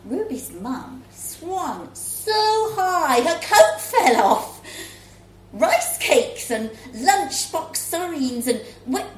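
A woman reading a story aloud in a child's first-person voice, expressive and lively. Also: high-pitched. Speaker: story reader. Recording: roomy echo, faint room ambience.

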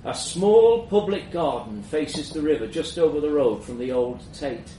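A man reading a first-person story aloud in a measured, reflective way. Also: on the high side, lively intonation, warm tone. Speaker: narrator. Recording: roomy echo, mic at a distance, faint background hum.

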